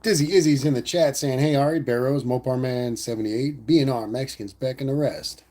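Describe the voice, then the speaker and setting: A man's voice: medium pitch, fairly quick, dark tone. Laid-back man reading his stream chat. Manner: laid-back, rambling, says "man" a lot. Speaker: livestream host reading chat. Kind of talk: casual livestream chat.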